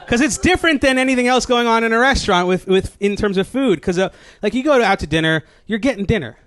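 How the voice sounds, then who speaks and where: A man's voice: extremely high pitch, lively intonation, quick pace, a bit bright. A man doing a stand-up set on a live stage, rambling with lots of likes and restarts and laughing at his own jokes. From New Jersey, USA. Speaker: stand-up comedian. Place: comedy stage before a live audience. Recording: live stage mic with audience noise.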